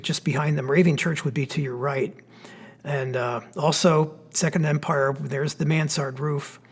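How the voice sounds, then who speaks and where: Pennsylvania guy, architect walking through slides, kinda husky, a bit high, lots of ums. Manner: relaxed, explanatory, with frequent fillers. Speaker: architect giving a history talk. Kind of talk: illustrated lecture with slides. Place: church hall.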